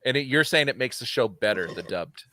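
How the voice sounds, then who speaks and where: A man's voice: mid-range voice, expressive, a little fast, sharp tone, dry recording. A middle-aged man co-hosting a podcast in casual chat, laughing often, swearing and bantering. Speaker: podcast co-host.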